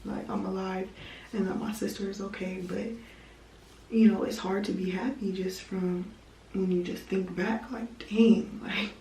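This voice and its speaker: A woman's voice: mid-range voice, little pitch movement, unhurried, mellow, roomy sound, distant mic, slight background noise, poor audio. A young woman telling a storytime vlog, rambling with lots of "like" fillers. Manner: rambling, heavy use of "like" fillers. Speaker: vlogger. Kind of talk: storytime vlog, casual retelling.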